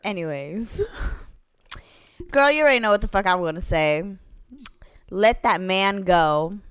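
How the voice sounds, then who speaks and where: A woman's voice: medium pitch, animated, slow pace, fairly bright tone, clear, resonant tone, dry recording, studio quality. A young woman co-hosting a podcast, talking casually with slang and thinking things through. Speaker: podcast co-host. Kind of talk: casual chat.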